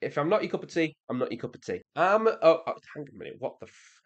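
A young man with an English accent, chatting casually as he reacts to comments, sarcastic and prone to exasperated high-pitched rants. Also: sing-song, quick pace, dull audio. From England. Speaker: reaction video creator.

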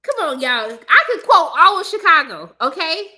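A young woman with a high, bright voice talks straight to her viewers in a casual, blunt rant. She is sassy and emphatic, with a fired-up edge to her delivery. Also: normal speed. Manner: blunt, animated, sassy ranting. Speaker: movie commentator.

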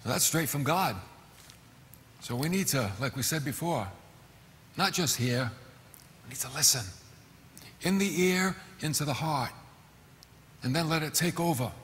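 Middle-aged male pastor, slightly high voice, animated sermon delivery, reverberant church hall. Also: a little slow, long pauses, a little hiss or hum. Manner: animated preaching, acting out quoted voices with sudden shouts.

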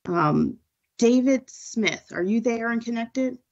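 A woman's voice: fairly high pitch, expressive, takes it slowly, gravelly, muffled recording. A woman chairing a public hearing, politely thanking speakers and calling on the next one. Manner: polite, procedural.

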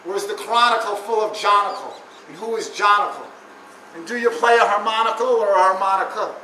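High-voiced man ranting in echoey rhymes. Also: brisk, bright, forceful tone. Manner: chanting rhymes and repeating lines over and over; preachy, profane and jeering. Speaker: stand-up performer. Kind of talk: rhyming stand-up rant in a god persona. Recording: roomy echo, distant mic, faint noise.

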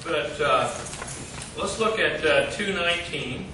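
A man teaching a group Bible study in a church meeting room, halting with many fillers and quizzing his listeners. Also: on the high side, expressive, distant mic. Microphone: distant room mic. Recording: echoey room recorded from afar, noisy.

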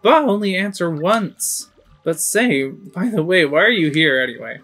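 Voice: medium pitch, lively intonation, a little slow, a bit bright, husky, soft background music, pitched above the performer's own voice. A game streamer voicing a cranky, bossy old tribal elder woman who lectures and scolds. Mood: scolding.

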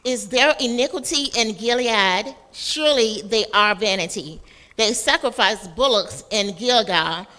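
Slow, bright-voiced woman reading scripture. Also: on the high side, long reverb tail. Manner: careful, deliberate reading of verses. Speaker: class member reading aloud.

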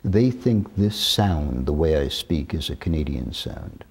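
Brief: husky-voiced man, 60s, interview guest, lively, lowish, careful deliberate delivery. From New York. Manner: measured, deliberate, careful diction. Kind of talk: reminiscing interview talk.

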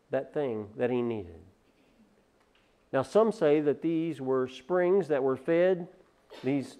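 A man preaching to his church in a fairly high voice. He swings from loud, impassioned rhetorical questions to quiet asides. He often repeats and restarts his words. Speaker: pastor. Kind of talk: sermon.

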